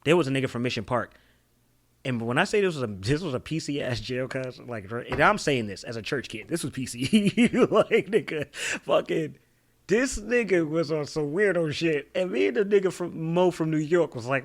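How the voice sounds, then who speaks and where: Animated young man telling stories. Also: fairly high pitch, normal speed. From Boston. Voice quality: animated, profane, laughs often, acts out voices in stories. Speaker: podcast co-host. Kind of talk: casual storytelling chat.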